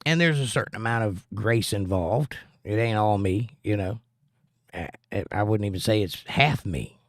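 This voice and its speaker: A man's voice: fairly low pitch, moderate pace, no echo, clean studio sound. A middle-aged American man with a plainspoken, earnest manner, chatting with his stream audience and teaching about the Bible. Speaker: livestream host and Bible teacher. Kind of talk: casual chat and Bible teaching.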